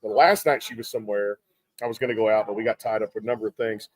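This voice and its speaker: A man's voice: on the low side, fairly even intonation, quick pace, low-quality recording. A man hosting a live radio interview at a music festival, upbeat and rambling with fillers. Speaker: radio show host.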